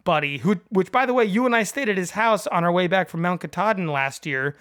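Joking, rambling sports podcast host. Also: male voice, high voice, animated, a bit bright. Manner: joking, rambling, quick to laugh. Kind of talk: casual sports chat.

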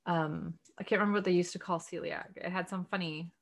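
A woman leading a casual book study discussion, thinking aloud in a chatty, earnest way with soft laughs. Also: lowish voice, fairly even intonation, fairly quick. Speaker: study group discussion leader.

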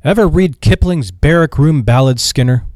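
A man voicing a bossy old male shipping tycoon who talks in a shrill, blustering bark. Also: normal speed, a little mellow, dry recording, studio quality, natural voice. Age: older.

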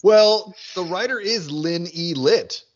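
A man's voice: high voice, slow pace. A man co-hosting a podcast, chatting casually with lots of fillers and restarts, in muffled audio. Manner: rambling, many fillers and restarts. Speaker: podcast co-host. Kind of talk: casual chat about a TV show.

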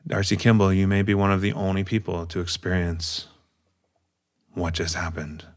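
A man voicing a huge male minotaur hunter who is awkward with people, speaking in a halting, earnest way. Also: deep voice, completely flat delivery, no room sound, clean studio sound, lightly acted. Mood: solemn.

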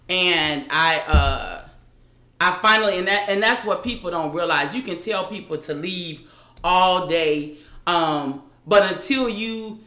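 A woman with a bright, forward voice tells her own story as an interview guest. She talks haltingly and often restarts her sentences, and her voice rings in an echoey room. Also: lowish voice. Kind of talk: recounting a personal story.

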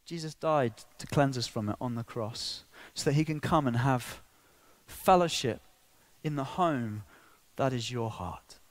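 Impassioned preacher, dry sound. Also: male voice, mid-range voice, unhurried, dry recording. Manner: impassioned, swinging between soft and loud. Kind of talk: sermon.

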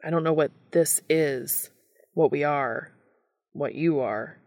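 A woman voicing a gruff, jealous young male monster hunter who answers in curt grumbles. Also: sits low, slow, a little mellow. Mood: gruff, unsettled.

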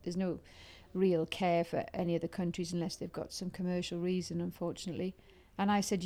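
A middle-aged woman, a podcast guest telling her life story in a brisk, animated way and piling one event onto the next. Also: fairly low pitch. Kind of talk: conversational storytelling.

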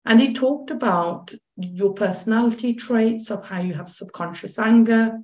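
A woman, a chronic pain coach as guest, telling a personal story in lively conversation and acting out what others said. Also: a little high, normal speed, reverberant. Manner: animated, acts out quoted dialogue.

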